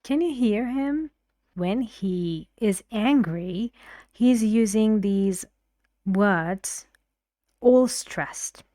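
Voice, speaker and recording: A woman teaching English pronunciation in an online lesson, explaining slowly and encouragingly, at times dropping to a half-whisper. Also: mid-range voice, lively intonation, mellow, no room sound, clean studio sound.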